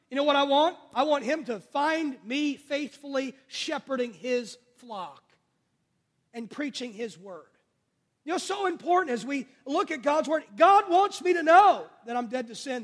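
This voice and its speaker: Male pastor, very high voice, call-and-response sermon, long church reverb. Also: expressive, normal speed. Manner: call-and-response preaching, rising and falling in volume.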